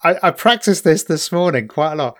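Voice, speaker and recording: A man's voice: on the high side, animated, fairly quick. A man co-hosting a podcast in casual chat, chatty and stumbling over words, laughing often. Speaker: podcast co-host.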